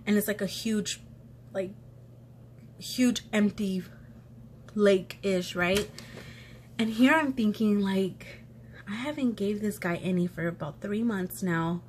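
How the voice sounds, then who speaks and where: A woman's voice: mid-range voice, slow, long pauses, a little hiss or hum. A young woman vlogger telling a personal story in a casual, chatty way, full of "like" fillers and blunt swearing. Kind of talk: casual storytime while eating.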